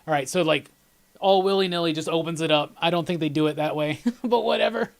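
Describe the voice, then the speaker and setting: Rambling, excitable male movie commentator. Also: a little high, fairly quick, vocal fry. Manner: enthusiastic, rambling, often laughing; chats with viewers by name. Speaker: host of live movie commentary. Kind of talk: casual live commentary.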